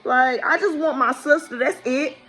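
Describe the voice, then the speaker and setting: A woman in her thirties shares a family story on her vlog in a casual storytime, rambling and emotional, fighting back tears and apologizing along the way. Her high-pitched voice has a sharp tone and moves at a normal speed.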